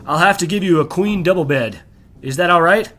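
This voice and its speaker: A man's voice: sits high, brisk, pushed and bright. Give me a man playing a courteous young hotel clerk with a lifted, polite voice.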